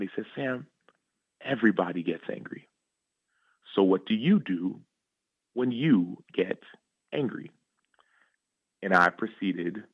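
A low-voiced man tells personal stories in an earnest, animated way, often checking in with the listener. His voice comes through dry and slightly muffled, like a radio studio with no room echo. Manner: earnest, animated, repeats "right?". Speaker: guest, former football player and author. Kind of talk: interview storytelling.

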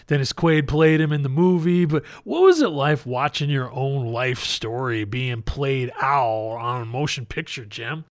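A man's voice: mid-range voice, animated, a little slow, few pauses, no room sound, studio quality. A man hosting a radio interview, introducing his guest with an upbeat broadcaster's delivery. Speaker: radio host.

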